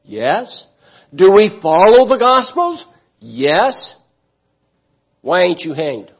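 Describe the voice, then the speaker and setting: Guy preaching in church, kinda high voice, keeps quizzing the congregation, muffled old recording. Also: sing-song, slow pace, husky. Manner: emphatic preaching, asks the congregation questions. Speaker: pastor. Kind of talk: sermon.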